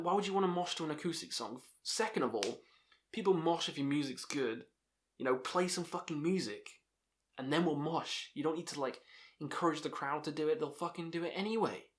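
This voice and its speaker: A young man telling rambling, sweary stories about festivals and laughing at himself. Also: on the high side. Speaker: channel host telling stories. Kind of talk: casual storytelling monologue.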